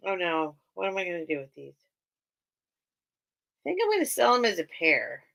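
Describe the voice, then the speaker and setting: A woman's voice: on the low side, huge pitch swings, moderate pace, gravelly, fairly bright tone. A woman hosting a casual live-stream sale, chatting and thinking aloud as she greets viewers by name. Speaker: live online sale host.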